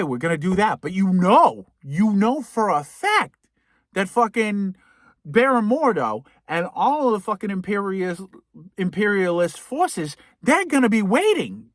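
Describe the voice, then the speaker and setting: A man hosting a podcast who gives a profane, sarcastic comedic movie recap and drops to a hushed whisper for tense moments. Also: high-pitched, no room sound, studio quality. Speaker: podcast host.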